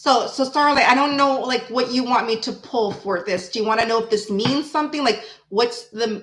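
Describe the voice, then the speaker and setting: A woman's voice: a little high, brisk, few pauses, a bit bright, roomy sound. A woman reading tarot on a live stream and chatting with viewers in a brash, chatty, often profane way. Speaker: tarot reader.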